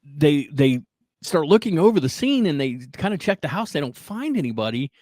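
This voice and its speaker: A man hosting a podcast, casually retelling a strange story in an animated way, often checking in with "right?" and "like". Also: fairly high pitch, moderate pace, no room sound, rough recording. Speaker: podcast host.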